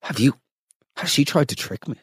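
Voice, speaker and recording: A man's voice: mid-range voice, expressive, moderate pace, husky, no room sound, clean studio sound. A man hosting a comedy podcast, ranting in incredulous disbelief and swearing freely as he roasts listeners' stories. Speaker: podcast host.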